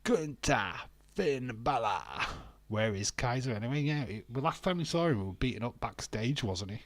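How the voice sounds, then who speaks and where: British male streamer, chatty and jokey, mid pitch, dead-dry mic sound. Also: lively intonation, normal speed, no echo. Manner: chatty, laughs often, sings and jokes to himself. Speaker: wrestling watch-along streamer. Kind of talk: casual live commentary, chatting with viewers.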